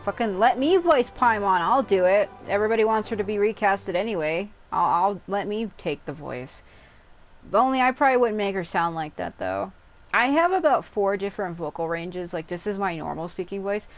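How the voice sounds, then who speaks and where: A woman's voice: mid-range voice, lively intonation, moderate pace, poor audio. A woman streamer giving casual, rambling commentary while playing a game, sounding tired and worn out. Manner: rambling and chatty, reacting aloud. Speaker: gameplay streamer.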